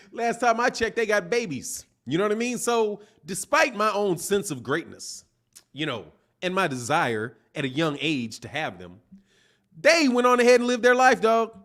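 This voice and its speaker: High-voiced man ranting about boxing. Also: fairly bright tone. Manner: profane, slangy, mocking, laughs often. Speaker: boxing channel host. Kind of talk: casual livestream rant.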